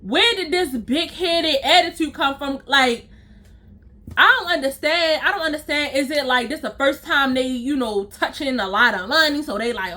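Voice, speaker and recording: A woman's voice: high voice, normal speed, pushed and bright. A young woman telling a storytime to her viewers, blunt, profane and exasperated, talking straight to her audience. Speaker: storytime vlogger. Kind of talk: casual storytime rant to viewers.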